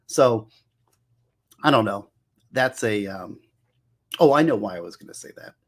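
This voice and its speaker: A man who works as a public defender tells stories about his career in casual, animated talk, acting out the voices of the people he quotes. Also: on the low side, unhurried. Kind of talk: casual storytelling monologue.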